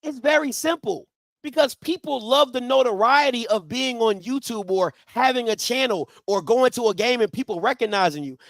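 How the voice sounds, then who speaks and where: A very high-voiced man hosts a live stream, hammering points home by repeating himself and swinging from loud to soft. The sound is dry and close to the mic, with no room echo. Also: normal speed. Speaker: live show host. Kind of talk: animated live-stream talk.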